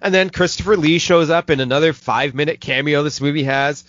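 Reviewing a movie on his podcast, a man retells the plot in a loose, profane way, dropping in quick mocking impressions. His voice sits on the high side with a fairly bright tone, captured as dull, dry lo-fi podcast audio.

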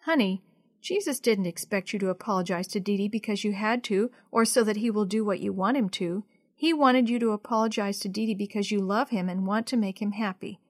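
Gentle mother, soft, low and quiet, read by a woman, dry sound. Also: fairly quick, dry recording, close to an everyday voice. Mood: earnest. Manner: soft, gentle, turning stern. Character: gentle, caring mother of a young girl.

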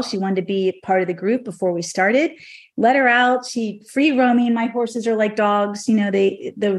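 A middle-aged woman, a horse trainer, telling a personal story on a podcast in an emotional, animated way. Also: mid-range voice.

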